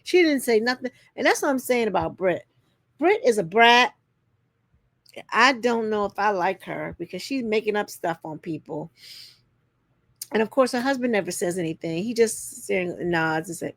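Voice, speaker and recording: A woman's voice: lively intonation, normal speed, no echo, studio quality. Sassy woman recapping reality TV. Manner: sassy, talks straight to viewers, acts out quotes with pitch jumps. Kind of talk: casual commentary recap.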